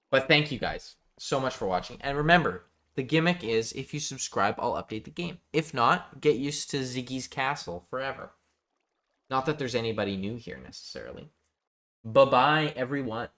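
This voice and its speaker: Medium in pitch and a little bright, a man's voice chats casually with viewers during a live-streamed building game. He reads out what chat says and keeps things jokey.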